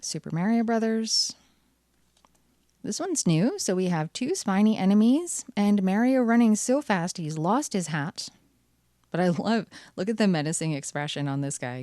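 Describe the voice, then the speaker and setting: A woman's voice: mid-range voice, lively intonation, normal speed, dark tone, no echo, studio quality. A woman hosting her channel, chatting cheerfully through card packs with wry asides. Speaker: channel host. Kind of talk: casual card-opening commentary.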